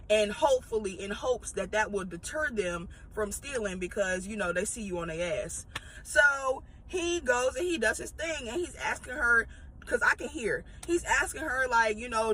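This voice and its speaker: A woman's voice: on the high side, lively intonation, normal speed, bright, forceful tone, a little hiss or hum, poor audio. A woman, a former retail manager, telling a casual storytime with profanity and rambling asides.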